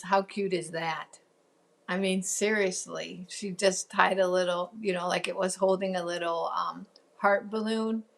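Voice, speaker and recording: A chatty woman hosts a live crafting stream. Her mid-pitched voice has a gravelly fry running through it, and she wanders between topics, answering viewer comments as they come in. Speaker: crafting show host.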